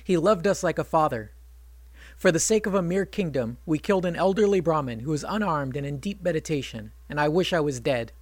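A man's voice: fairly high pitch, expressive, brisk, no echo. Conflicted storybook archer, hesitant and remorseful, read by a man.

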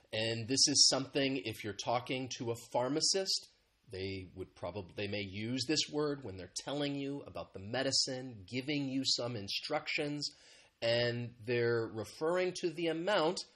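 Male English teacher on a live stream; mid-pitched, encouraging, repeats himself, greets viewers by name. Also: a bit bright. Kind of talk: live-streamed vocabulary lesson.

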